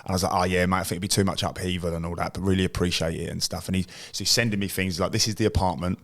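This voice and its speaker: A man's voice: sits low, flat delivery, rapid-fire, fairly bright tone. A man co-hosting a podcast, enthusiastic and chatty as he tells stories. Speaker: podcast co-host, former footballer. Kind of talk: casual chat.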